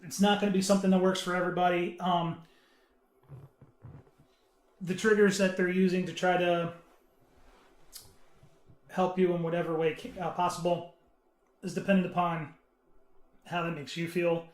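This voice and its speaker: A man in casual podcast chat, explaining earnestly with halting, restarting sentences. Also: high voice, little pitch movement. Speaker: podcast panelist. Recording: roomy echo.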